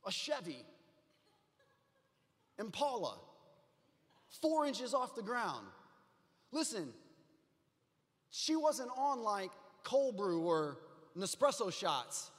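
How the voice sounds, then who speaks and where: Man, pastor, high voice, sermon, quiet storytelling building to loud preaching, long hall reverb. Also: sing-song, slow, pauses often.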